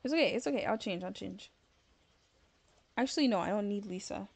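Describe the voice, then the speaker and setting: A woman's voice: mid-range voice, expressive, a little fast, creaky. Chatty, tired woman streaming a game. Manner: chatty and rambling, many fillers of "like"; tired, yawning late at night. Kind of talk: casual chat while gaming live.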